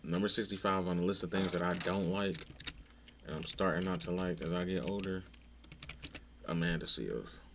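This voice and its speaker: In a casual opinion rant to his viewers, a young adult man stays laid-back yet blunt and profane, sometimes getting exasperated. He speaks at a moderate pace in a low-pitched, fairly even, slightly bright voice, with a little hiss or hum in the background.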